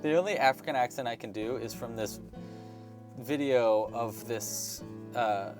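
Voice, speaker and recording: Rambling, friendly-casual male host chatting through a crochet session, mid-pitched, mutters stitch counts, faint music underneath. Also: unhurried. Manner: chatty, rambling, with many fillers and restarts; counts stitches aloud under his breath. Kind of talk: casual livestream chat while crocheting.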